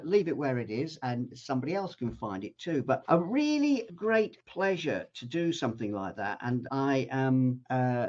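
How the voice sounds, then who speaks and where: An older man from southern England, an author and TV presenter, telling a travel story with exuberant, animated energy and quaint exclamations. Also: medium pitch, dull audio. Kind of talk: enthusiastic storytelling talk.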